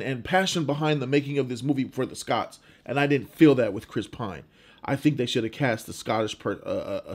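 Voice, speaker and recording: Man, slightly high voice, casual film reviewer, emphatic, informal, stumbling restarts. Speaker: movie reviewer.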